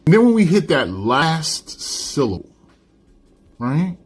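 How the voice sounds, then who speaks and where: Slow, husky-voiced male teacher lecturing. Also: on the high side, sing-song. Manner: conversational, keeps asking "right?". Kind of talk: classroom literature lecture.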